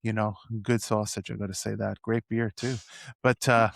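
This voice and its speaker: A man's voice: on the low side, level tone, normal speed, vocal fry, dry recording, clean studio sound. A man from Edmonton hosting an interview, talking in an enthusiastic, rambling way with many restarts. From Edmonton, Canada. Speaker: podcast host. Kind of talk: casual interview.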